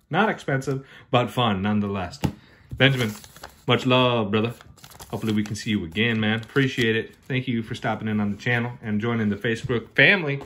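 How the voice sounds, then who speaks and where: A man hosting his own card-opening channel, chatting casually and excitedly with viewers, joking and calling them brother and man. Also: mid-range voice, a little hiss or hum. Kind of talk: casual unboxing commentary.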